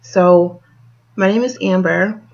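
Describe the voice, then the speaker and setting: A woman's voice: mid-range voice, takes it slowly, vocal fry, a little mellow, highs cut off. A young woman from Delaware with a northern Delaware accent, chatting casually in a vlog and reading a word list with giggles and lots of "like" and "um". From Wilmington, Delaware, USA. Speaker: vlogger.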